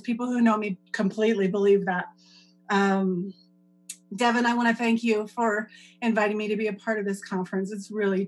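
A woman's voice: medium pitch, low-quality recording. Emotional woman sharing at a meeting. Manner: heartfelt, laughing through tears. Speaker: speaker at a recovery meeting. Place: home office. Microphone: video call.

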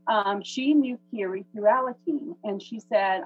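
A woman's voice: medium pitch, measured pace, no room sound. A woman chatting casually as she introduces the evening's speaker on a video call. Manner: chatty, with many fillers. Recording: phone-like dry husky audio.

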